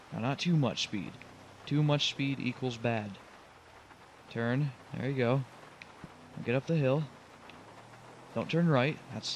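A man's voice: mid-range voice, dull audio, a little hiss or hum. A young man commenting on his own driving game run, getting frustrated, pleading with the truck and groaning at his mistakes. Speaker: gaming channel host.

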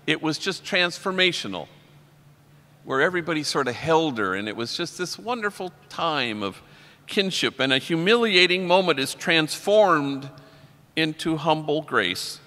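A middle-aged man, a priest, telling wry stories in a religious talk and slowing down for his punchlines. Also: a little high, bright, forceful tone. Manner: wry, anecdotal, slows down for punchlines. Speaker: priest giving a keynote talk. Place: large convention hall. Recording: long reverb of a large hall.

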